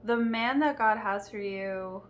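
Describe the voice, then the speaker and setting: A woman's voice: medium pitch, measured pace, a little hiss or hum, natural voice. A woman quoting a firm, caring father. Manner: firm, admonishing. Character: firm, caring middle-aged father giving advice.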